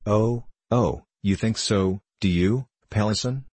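A dreamy, absent-minded poet drifts through his lines slowly and plaintively, read by a man. The voice sits deep and husky. The recording is close and dry. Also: a little mellow, dry recording. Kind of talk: audiobook character reading.

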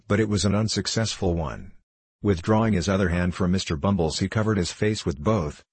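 A man narrating a classic novel as an audiobook, reading in a measured, even way. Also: sits low, husky, no echo.

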